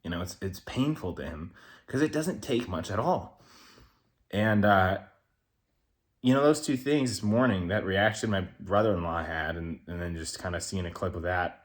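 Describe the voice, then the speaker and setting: A man with a very low voice talks to the camera in a loose, rambling monologue. He is candid and swears freely as he thinks aloud. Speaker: vlogger. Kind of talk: casual reflective monologue.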